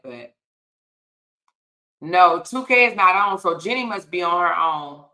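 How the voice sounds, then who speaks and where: Brief: woman livestream host, bright voice, laughs a lot, folksy y'all and honey. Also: lowish voice, animated, a little slow, pauses often. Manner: laughs often, drawls y'all, child and honey. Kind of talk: casual live-stream chat reading comments.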